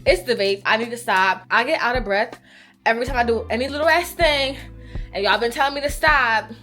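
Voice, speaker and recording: A woman's voice: fairly high pitch, a little fast, bright, forceful tone, faint music behind. A woman, talking casually and candidly to camera in a warehouse, a bit out of breath. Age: 20s. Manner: chatty, candid and swearing. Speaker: small business owner and vlogger. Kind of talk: casual vlog talk to camera. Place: warehouse space, indoors. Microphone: handheld phone camera.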